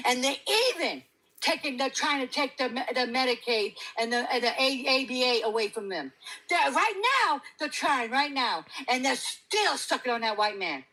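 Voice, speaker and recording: A woman arguing heatedly on a live stream, profane and confrontational, with loud outbursts. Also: sits high, expressive, moderate pace, rough recording. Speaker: guest caller.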